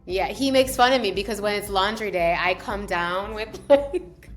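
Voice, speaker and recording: A woman's voice: mid-range voice, moderate pace, soft background music. A woman co-hosting a podcast, chatting casually and telling stories about home life, often acting out what others said. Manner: chatty storyteller, acts out others' lines. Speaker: podcast co-host. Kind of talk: casual chat.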